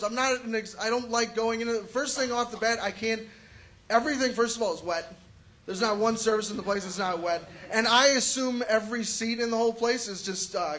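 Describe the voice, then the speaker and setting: A man's voice: high-pitched, fairly bright tone, slight background noise. A young man doing a stand-up comedy set, telling crude, profane stories and acting out quotes. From Chicago area.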